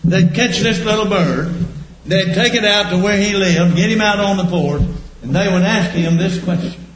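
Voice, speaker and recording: A man preaching a sermon, telling homespun stories and repeating his points slowly for emphasis. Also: sits high, a little hiss or hum. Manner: folksy, homespun storytelling with slow emphatic repetition. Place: church. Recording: echoey church room.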